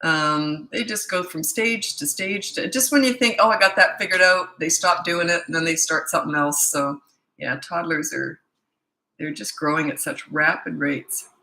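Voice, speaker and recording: A woman coaching parents on a live stream, talking in a rambling, chatty way full of ums. Her voice sits a little low but has a bright, forward edge, and she sounds tired. The room around her is echoey. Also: moderate pace. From Canada.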